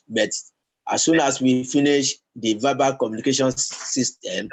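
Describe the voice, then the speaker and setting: A man teaching a language lesson, talking slowly and haltingly, with many fillers and repeated words. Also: medium pitch, poor audio. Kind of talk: classroom lesson.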